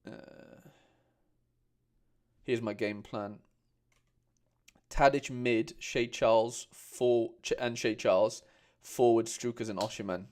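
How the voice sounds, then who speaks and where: A man's voice: medium pitch, fairly even intonation, slow, long pauses, darkish tone. Chatty man on a livestream. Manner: chatty, reads out viewer comments, calls people mate. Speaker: host. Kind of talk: casual livestream chat.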